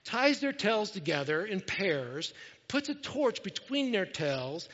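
A man delivers a lively sermon in a high voice, joking with his congregation as he goes. The sound is dull and lo-fi. A long reverb trails each line, as in a large hall. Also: slow. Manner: animated, jokey preaching with asides to the congregation. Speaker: pastor.

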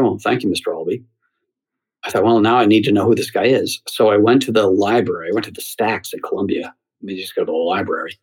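A middle-aged man with a slightly low, husky voice recounts a story in an interview. He talks in a lively way, often stopping to restart a sentence. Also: low-quality recording. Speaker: theater columnist and former talk show host. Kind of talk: anecdotal interview answer.

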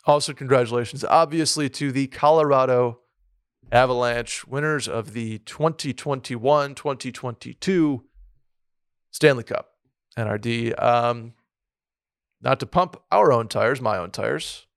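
A man co-hosts a laid-back sports podcast, wandering through his thoughts with plenty of restarts and "like"s. His voice sits at a middle pitch, and the studio mic sound is close and dry, with no room behind it. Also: measured pace, gravelly, clean tone, no room sound. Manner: rambling, many restarts and fillers. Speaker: podcast co-host. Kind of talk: casual sports podcast chat.

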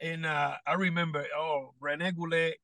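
Animated high-voiced Puerto Rican man. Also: moderate pace, no echo. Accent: Puerto Rican Spanish. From Puerto Rico. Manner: animated, acts out quotes, loose non-native grammar. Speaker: guest. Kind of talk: podcast storytelling.

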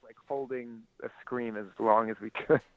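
A man's voice: medium pitch, steady tone, moderate pace, no room sound. A young man calling in to a show, telling a rambling story full of restarts and fillers, heard over a phone line. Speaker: caller. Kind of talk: casual phone chat.

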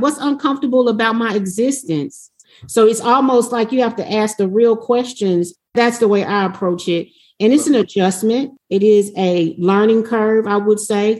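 A woman speaking on a panel in an emphatic, conversational way. Her voice sits at a middle pitch, and she repeats words to press her point. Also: darkish tone. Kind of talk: panel discussion.

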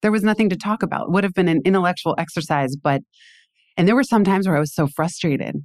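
A woman hosting an interview, telling stories in an animated way with emphatic repeats. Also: lowish voice, fast, no echo, studio quality. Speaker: podcast host. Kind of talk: conversational interview.

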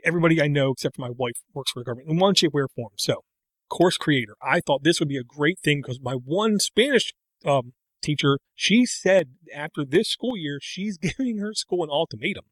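A man's voice: on the high side, lively intonation, a little fast, fairly bright tone, no echo. A middle-aged man co-hosting a casual chat, rambling and breaking off into tangents. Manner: rambling, self-interrupting, tangents. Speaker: podcast co-host.

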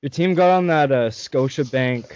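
Hosting a laid-back chat among friends, a young man from Canada laughs a lot, swears freely and tells stories. He speaks at a moderate pace in a mid-range, slightly mellow voice, and the sound is dry, dull and lo-fi.

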